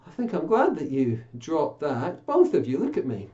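A children's church presenter reading a Bible passage and then chatting playfully with puppets, coaxing and gently scolding them. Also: medium pitch, huge pitch swings, normal speed, hardly any pauses, highs cut off, background noise.

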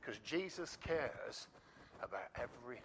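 A man preaching a sermon and telling a story with animated asides to the congregation. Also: medium pitch, measured pace, a little hiss or hum.

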